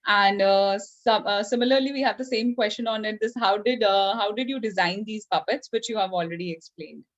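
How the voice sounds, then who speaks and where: A woman's voice: medium pitch, a little fast. A woman hosting a school Q&A, reading out questions hesitantly with fillers. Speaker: host reading audience questions. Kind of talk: moderating a school Q&A. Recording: dull lo-fi audio.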